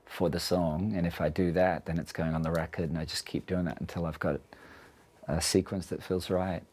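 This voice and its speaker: An Australian man with a very low-pitched voice talks things through in a relaxed interview. He is reflective and works his way through ideas using long analogies. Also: a little fast. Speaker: interviewed musician. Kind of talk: casual interview.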